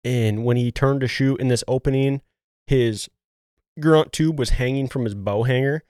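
Podcast host, male, middle pitch, energetic hunting yarn, bone-dry studio mic. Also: normal speed, smooth, dry recording. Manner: animated, acts out quotes, says "dude" often. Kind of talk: casual hunting storytelling.

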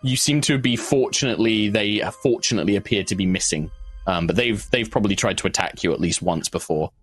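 Low-voiced man running a tabletop game. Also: quick pace, breathy edge, soft background music. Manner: loose, hesitant narration with fillers. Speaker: game master.

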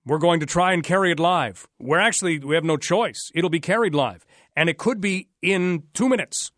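A man's voice: fairly high pitch, moderate pace, fairly bright tone, no echo, studio quality. A man from Canada hosting a radio talk show, chatty and sarcastic, sometimes joking in mock voices.

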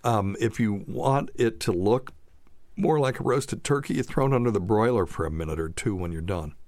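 A man's voice: on the low side, normal speed, darkish tone, no echo. A man hosting a casual live-stream podcast, chatting loosely and joking with chuckles. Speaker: podcast host.

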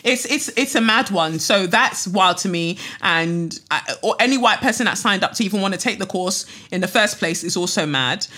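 A woman co-hosting a podcast, blunt and animated with mocking asides. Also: medium pitch, normal speed, few pauses. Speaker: podcast co-host. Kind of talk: casual chat.

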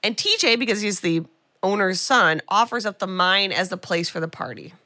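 A woman's voice: mid-range voice, animated, normal speed, sharp tone, dry recording, clean studio sound. A woman co-hosting a podcast, casually recapping a movie and acting out characters' lines with sarcastic asides. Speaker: podcast co-host. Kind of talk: casual film recap chat.

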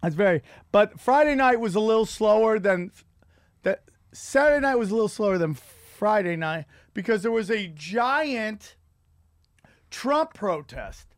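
A middle-aged man hosting a comedy podcast, ranting in a profane, rambling way with loud outbursts. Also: high voice, lively intonation, measured pace, no room sound, clean studio sound. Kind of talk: casual comedic rant.

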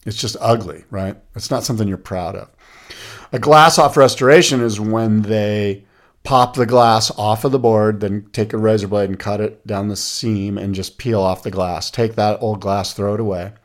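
A man co-hosting a casual podcast, telling stories and jokes in an animated way. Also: on the low side, normal speed. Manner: animated storyteller, rattles off lists. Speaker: podcast co-host. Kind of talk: casual chat.

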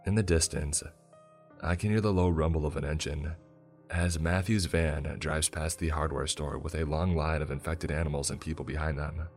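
A man narrating a first-person horror story in a steady storytelling voice. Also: a bass voice, moderate pace, soft background music.

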